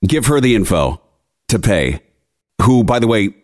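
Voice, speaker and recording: A man's voice: lowish voice, very animated, unhurried, a little mellow. A young man hosting a podcast, telling an exasperated, ranting story in casual chat. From Philadelphia area. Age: young adult. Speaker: podcast host.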